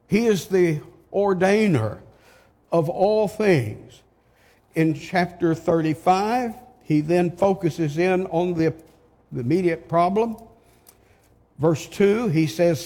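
Slow, emphatic older preacher in a hall. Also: male voice, high voice, lively intonation, darkish tone, breathy edge. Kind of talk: sermon. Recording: long hall reverb.

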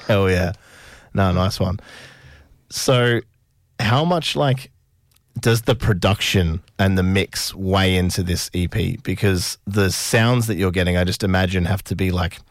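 Man, podcast host, enthusiastic, somewhat low voice, dry recording. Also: fairly even intonation, a little slow, no echo. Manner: enthusiastic, sweary, full of restarts. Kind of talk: casual interview chat.

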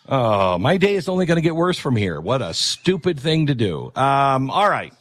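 A male talk radio host holds forth in a rambling monologue at an everyday pitch. He is opinionated and blunt, but breaks off into self-deprecating asides, with faint music in the background. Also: big pitch swings, moderate pace, hardly any pauses.

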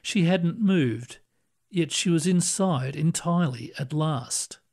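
A man reading short stories aloud in a calm, measured manner. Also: on the high side. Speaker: narrator. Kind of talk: storybook reading.

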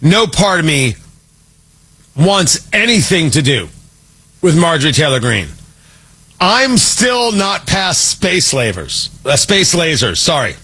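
Sarcastic man with a lively high voice. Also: slow, husky. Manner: sarcastic, exasperated. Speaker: political commentator. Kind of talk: opinion monologue.

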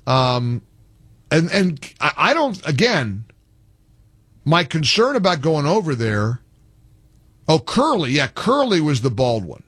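A middle-aged man hosting a call-in radio talk show, animated and sarcastic, full of wisecracks. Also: a little high, slow, pauses often, slightly rough, no echo.

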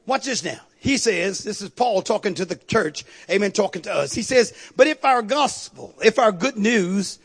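A man's voice: high-pitched, animated, normal speed, hardly any pauses, slightly rough. A male pastor preaching a sermon with call-and-response, building to emphatic outbursts.

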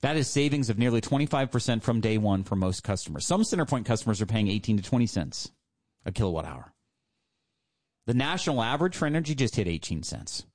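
A male radio host giving a persuasive sales pitch from a studio, emphatic and repeating his key points. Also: lively intonation, quick pace, darkish tone.

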